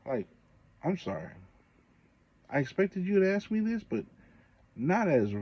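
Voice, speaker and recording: Husky, low-voiced man, casual vlogger, exasperated and indignant, muffled lo-fi audio. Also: sing-song, a little slow. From Samoa. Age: adult parent. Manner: indignant, exasperated storytelling with rising outbursts; frequent fillers and restarts, conversational. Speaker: channel host. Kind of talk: casual vlog monologue.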